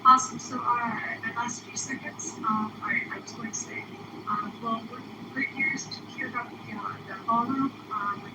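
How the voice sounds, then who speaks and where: A woman calling in, speaking haltingly with many fillers and restarts. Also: on the high side, steady tone. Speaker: caller. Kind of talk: casual comment. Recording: distant echoey pickup, loud noise.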